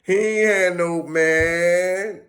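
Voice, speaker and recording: Speaking very slowly in a high voice, a male vlogger delivers a casual, slangy monologue. He's animated, acting out snippets of conversation along the way.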